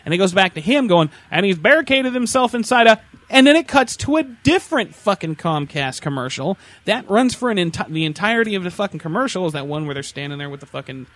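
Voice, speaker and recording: A man's voice: high voice, fast, few pauses, dry recording. A man casually ranting and telling stories on a podcast, full of swearing. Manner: animated, swearing storyteller. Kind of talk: casual profane rant.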